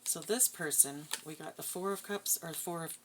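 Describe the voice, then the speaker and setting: A woman's voice: deep voice, moderate pace, background noise. A woman giving a casual tarot reading, blunt, profane and scornful. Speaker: tarot reader.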